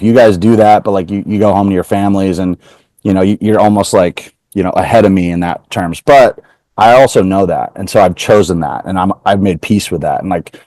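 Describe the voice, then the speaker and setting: Male comedian guest from Portland, lowish voice, dry close sound, rambling storyteller acting out quotes. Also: darkish tone, no echo. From Portland, Oregon. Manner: chatty, heavy use of "like", retells exchanges in quoted voices. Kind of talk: casual interview storytelling.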